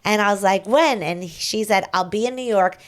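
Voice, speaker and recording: A woman's voice: mid-range voice, fairly quick. A woman podcast host in casual chat, telling a story with lots of back-and-forth and quoted messages.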